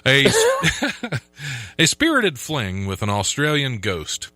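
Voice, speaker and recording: A man's voice: mid-range voice, very animated, slow, bright, forceful tone, dry recording. A man hosting a casual podcast, reading odd news stories aloud and laughing often. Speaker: podcast host.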